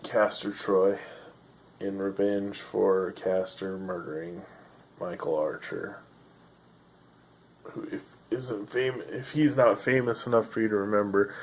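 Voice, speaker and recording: A man with a low, gravelly voice rambles through a solo podcast monologue. He sounds tired and drifts between sardonic remarks and self-deprecating asides, full of fillers and trailing thoughts. His voice often sinks into a rough fry. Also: takes it slowly, slight background noise, rough recording. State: tired, yawning. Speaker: podcast host.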